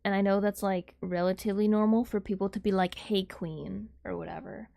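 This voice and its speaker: A woman's voice: medium pitch, steady tone, quick pace, creaky, warm tone. A woman livestreaming, chatting casually with her viewers in a rambling, giggly way, laughing often.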